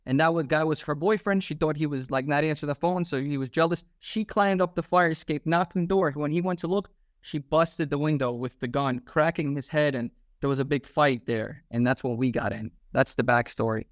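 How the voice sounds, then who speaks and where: A man in his thirties with a somewhat high voice tells a story in a slangy, animated way, acting out what people said. The sound is close and dry, with no room around it. He talks like a podcast guest telling his own story. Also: fairly quick, few pauses, no echo. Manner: animated, slangy, acts out quoted dialogue. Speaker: podcast guest, former police officer. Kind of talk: casual storytelling interview.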